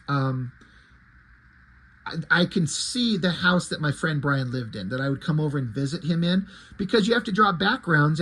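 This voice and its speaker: Husky, high-voiced man chatting about comics. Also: a bit bright, low-quality recording. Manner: chatty, rambling, swears casually. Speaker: comic book reviewer. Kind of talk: casual commentary.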